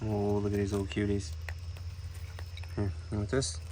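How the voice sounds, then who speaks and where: A man's voice: lowish voice, completely flat delivery, normal speed. A man, chatting casually to his animals outdoors and talking to them affectionately. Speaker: animal keeper vlogger. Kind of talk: casual chat to camera. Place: outdoors among animal pens and aviaries. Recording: outdoor noise with animal sounds.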